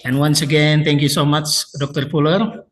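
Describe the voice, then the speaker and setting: A man's voice: on the high side, little pitch movement, moderate pace, slight background noise, low-quality recording. A man moderating a seminar, making polite, repeated announcements. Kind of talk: formal moderating.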